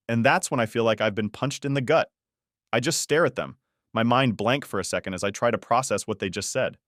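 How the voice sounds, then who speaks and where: A man reading a first-person story as a scripted narration, in an even, measured manner. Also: on the low side, no room sound, clean studio sound.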